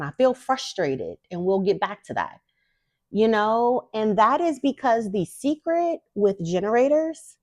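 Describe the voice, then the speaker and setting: A young woman talks straight to her viewers in a casual spiritual chat. She is blunt and emphatic, swears freely, and calls her audience y'all. Her voice sits at a middle pitch and sounds dry and close, with no room around it. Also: no echo. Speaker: spiritual guide and host. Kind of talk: casual direct-to-camera talk.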